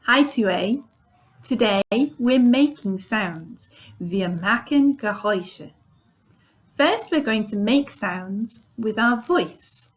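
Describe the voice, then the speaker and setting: Very slow, patient woman teacher. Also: medium pitch, expressive. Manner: demonstrates sounds, bilingual repetition. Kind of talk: slow, clear lesson for young children.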